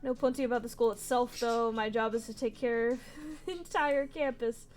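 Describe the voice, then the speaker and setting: A woman's voice: on the high side, normal speed, a little mellow, faint music behind, lightly acted. A woman voicing a lazy, easygoing male campus caretaker in a visual novel. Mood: laid-back. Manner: laid-back, casual.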